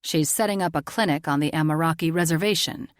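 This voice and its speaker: A woman voicing a blunt, gruff older male federal agent who is the heroine's uncle. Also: low voice, fast, no echo, clean studio sound, close to an everyday voice.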